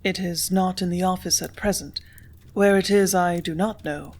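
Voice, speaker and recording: A woman reading a story, voicing a composed young office woman who answers quietly and firmly. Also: fairly low pitch, steady tone, moderate pace, lightly acted. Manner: quiet, cool, tart.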